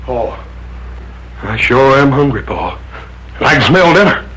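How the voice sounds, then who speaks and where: Big goofy ranch son, folksy slang, voice goes all over. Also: male voice, mid-range voice, animated, a little slow, fairly bright tone, low-quality recording. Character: big easygoing hungry young ranch son.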